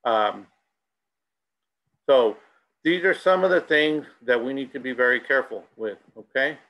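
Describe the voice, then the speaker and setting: In a gravelly, slightly bright voice of medium pitch, a middle-aged presenter at a school speaks unhurriedly, mixing Spanish and English and recounting anecdotes. The recording is rough.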